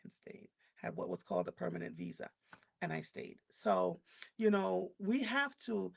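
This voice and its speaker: Gravelly, husky woman storyteller. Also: on the low side, moderate pace. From Jamaica. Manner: animated storyteller who acts out quoted speech and repeats points for emphasis. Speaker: host of a live broadcast. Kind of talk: personal storytelling on a livestream.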